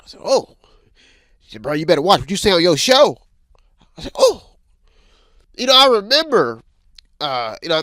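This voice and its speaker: A man hosting a weekly headlines show, telling stories in a lively, animated way and acting out the voices of others. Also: mid-range voice, dry recording. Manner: animated storytelling, acts out voices. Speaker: news show host. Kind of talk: casual news commentary.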